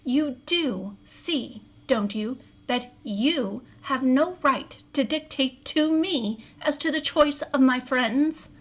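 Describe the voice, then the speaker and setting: A woman's voice: high-pitched, slow pace, hardly any pauses. A woman reading aloud, voicing a cool and defiant young wife with a clipped, icy manner. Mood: cold defiance.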